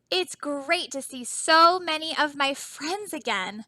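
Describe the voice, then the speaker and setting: A woman teacher reading a children's picture book aloud in a soft, expressive storytelling voice, often stopping to ask her young listeners questions. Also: high voice, slow pace, no echo, rough recording.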